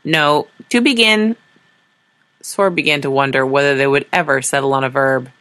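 A woman's voice: extremely low pitch, fairly even intonation, quick pace, a bit bright. A woman narrating a science fiction story in a dry, wry storytelling manner.

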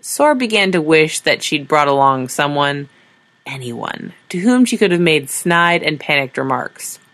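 A woman's voice: low voice, lively intonation, measured pace, fairly bright tone. A woman narrating a science fiction story in a dry, wry storytelling manner.

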